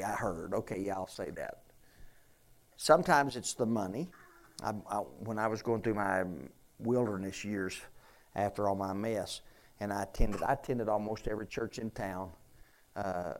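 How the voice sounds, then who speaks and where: A man preaching to his congregation in an earnest, folksy way, often restarting his sentences and asking the room questions. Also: on the low side. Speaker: pastor. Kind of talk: conversational sermon with questions to congregation.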